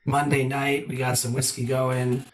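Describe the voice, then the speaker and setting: A man's voice: medium pitch, completely flat delivery, normal speed. A man who is a guest on a podcast, talking in a chatty, storytelling way and sometimes correcting himself as he goes. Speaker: guest, whiskey brand ambassador. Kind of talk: casual podcast chat. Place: his apartment.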